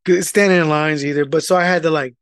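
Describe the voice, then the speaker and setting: A man with a high, light voice tells a casual story, swearing freely and loudly acting out the people in it. The sound is dry and close, with no room echo. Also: quick pace, clear, resonant tone. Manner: animated, profane, rant-like, acts out quoted people loudly. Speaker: podcast co-host telling a story. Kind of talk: casual profane storytelling chat.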